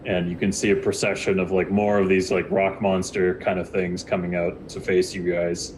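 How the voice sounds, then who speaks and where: A man's voice: low voice, flat delivery, normal speed, darkish tone, a little hiss or hum. A man narrating a tabletop game as game master, telling the scene loosely and rambling over voice chat.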